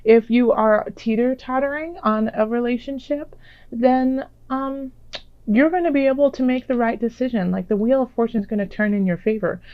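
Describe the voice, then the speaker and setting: A woman doing a tarot reading in a casual, gentle, reassuring way, with many fillers. Her voice is a little raspy while it recovers. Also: on the high side, steady tone, normal speed, dry recording, lo-fi sound. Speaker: tarot reader. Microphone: own microphone.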